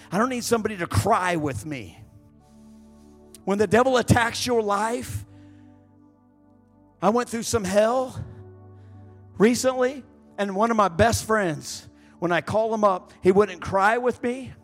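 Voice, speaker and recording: A man preaching a sermon as an evangelist, impassioned and building up to shouting. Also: high voice, measured pace, long pauses, faint music behind. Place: church sanctuary.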